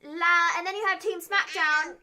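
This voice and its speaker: A woman's voice: very high voice, fairly even intonation, moderate pace, sharp tone. A young woman hosting a wrestling recap livestream, chatting casually and teasingly, with frequent "um" and "like".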